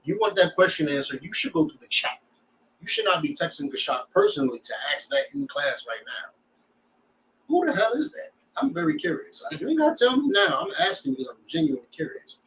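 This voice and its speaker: A man's voice: a little high, sing-song, fairly quick, a bit bright, recorded from a distance, slight background noise, rough recording. A man teaching a scripture class in a blunt, preachy way, full of rhetorical questions.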